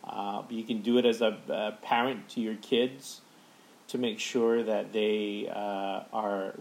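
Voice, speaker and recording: A man, a father, giving a calm breathing practice tip as a podcast guest, speaking slowly with many fillers. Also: on the low side, poor audio. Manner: slow, calm, halting with fillers.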